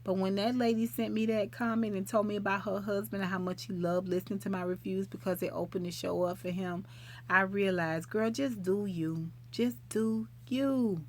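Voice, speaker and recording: A woman's voice: medium pitch, fairly even intonation, fairly quick, slight background noise. A middle-aged woman hosting a live stream, chatting casually with viewers in a talkative, folksy way. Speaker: livestream host.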